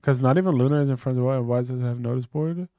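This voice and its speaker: A man's voice: medium pitch, quick pace, dark tone, no room sound. Casual swearing man streaming. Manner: swears freely, rambling and off the cuff. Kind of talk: casual live-stream chat.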